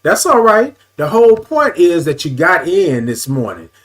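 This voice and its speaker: Man, morning live-stream host, slightly high voice, casual chat, says y'all, stretched-out sung greetings, repeats himself. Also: sing-song. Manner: upbeat, greets viewers by name, drawn-out sung greetings.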